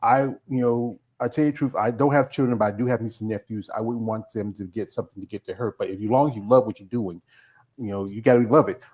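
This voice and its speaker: A man's voice: on the low side, steady tone, quick pace, a little mellow, dull audio. A man hosting a casual interview, joking loosely and often repeating himself as he reads out fan questions. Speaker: interview host.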